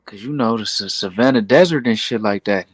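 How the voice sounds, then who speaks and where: A man's voice: lowish voice, a little fast, no room sound. Laid-back man, dry close sound. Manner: laid-back slangy talk with fillers. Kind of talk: casual chat.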